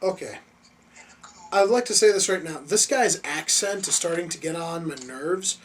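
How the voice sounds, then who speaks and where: A movie reaction host giving casual commentary, excitable and profane, openly relishing the gore. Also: medium pitch, slight background noise. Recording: distant mic with faint music behind.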